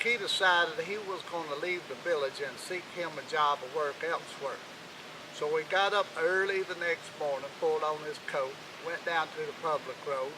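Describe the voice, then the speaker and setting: A man spins a folk tale in an unhurried, folksy manner, full of country turns of phrase. His voice is bright and a touch high. A faint hiss runs underneath. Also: poor audio. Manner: folksy, unhurried, dialect-rich. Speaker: storyteller.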